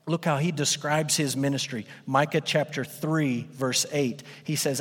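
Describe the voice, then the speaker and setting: A man preaching a sermon emphatically, his voice rising and then dropping low for effect. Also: steady tone, moderate pace, few pauses. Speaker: pastor. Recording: long hall reverb.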